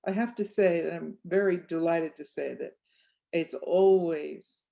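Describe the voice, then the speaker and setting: A woman author and clairvoyant telling stories in an interview, animated and acting out the voices in her anecdotes. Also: fairly low pitch, unhurried, creaky, dull audio. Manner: animated, acts out voices in anecdotes, laughs often. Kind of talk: storytelling interview chat.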